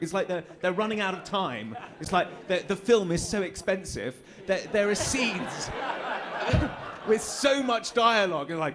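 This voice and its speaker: A man's voice: high voice, big pitch swings, moderate pace, crowd noise. An English man talking as a guest on a convention panel, telling casual anecdotes, chatty, laughing often and trailing into fillers. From England.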